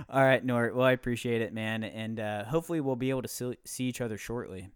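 A young man in his twenties hosts a casual podcast, rambling along in an upbeat, easygoing way. His voice sits at an ordinary pitch, and the sound is close and dry with no room echo. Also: lively intonation, fairly quick, smooth. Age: 20s. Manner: loose, rambling, upbeat with filler words. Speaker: podcast host.

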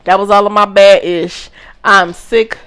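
A woman hosting a casual chat, talking in an animated, emphatic way and laughing often as she tells stories and reads out shout-outs. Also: mid-range voice, a little slow, clear, resonant tone. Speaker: podcast host.

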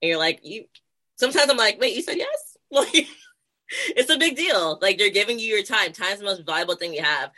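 Bright-voiced chatty young podcaster woman. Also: medium pitch, expressive, fast. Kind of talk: casual podcast chat.

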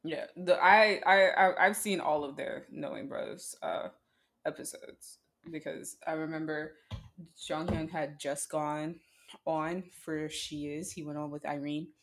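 Low-voiced gushing woman podcaster. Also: fairly even intonation, a little slow, a bit bright. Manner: gushing fan talk, heavy use of "like". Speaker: podcast co-host. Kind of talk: casual chat.

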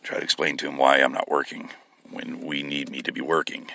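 A man's voice: very deep voice, monotone, fairly quick, gravelly, pushed and bright. A man with children and a wife, ranting angrily with heavy profanity in a heated monologue. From United States. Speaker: vlogger.

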